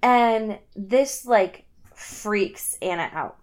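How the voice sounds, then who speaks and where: A woman's voice: medium pitch, expressive, drawn-out words, a little mellow. A young woman casually recapping a story, laughing often and acting out the characters' lines. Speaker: co-host recapping a book. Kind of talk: casual chat.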